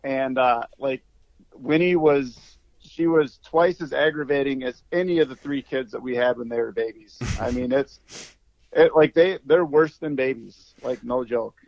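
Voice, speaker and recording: A man's voice: medium pitch, moderate pace, creaky, dull audio. A middle-aged man, a guest on a fishing show, chatting in an easygoing, chuckling way about his family's dog. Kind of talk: casual chat.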